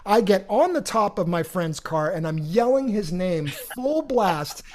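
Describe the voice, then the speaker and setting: A middle-aged man hosting a podcast, telling a long personal story in an animated, rambling way with many restarts. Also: high-pitched, unhurried. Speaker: podcast host. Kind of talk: casual storytelling.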